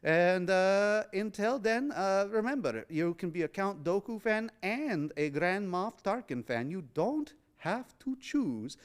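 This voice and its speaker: A man's voice: high voice, expressive, takes it slowly, hardly any pauses, clear, resonant tone. A man hosting a horror movie screening in a cinema, talking on a lavalier mic in a playful, punny way with many fillers. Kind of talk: live post-screening chat. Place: cinema auditorium.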